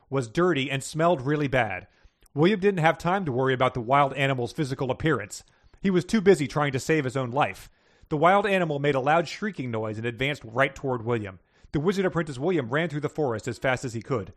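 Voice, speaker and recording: A man hosting a quiz, reading story passages aloud and chatting casually. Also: mid-range voice. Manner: plain storybook reading, chuckles. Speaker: quiz host.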